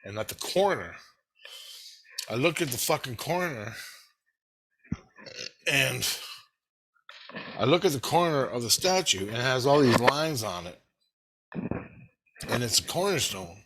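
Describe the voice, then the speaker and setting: Husky man rambling through a profane story. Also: mid-range voice, unhurried, pauses often. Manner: profane, rambling, animated retelling with laughs. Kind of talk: casual storytelling monologue.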